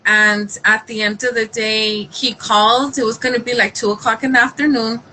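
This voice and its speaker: A woman in a casual faith-based chat, telling her story in an animated way, acting out what people said, with frequent restarts. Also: fairly high pitch, moderate pace, a little hiss or hum, rough recording.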